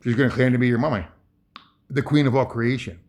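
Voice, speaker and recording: A man from Saugeen First Nation in Ontario, Canada, rants over a video in rambling, heated commentary, cursing a lot and restarting sentences as he hammers his points. His mid-range voice stays fairly even in intonation, and he talks fast.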